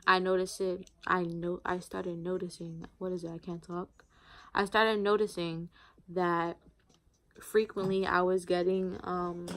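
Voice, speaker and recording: Candid young woman rambling flatly. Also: lowish voice. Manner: rambling, heavy use of "like", candid. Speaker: vlogger. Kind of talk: casual storytime monologue.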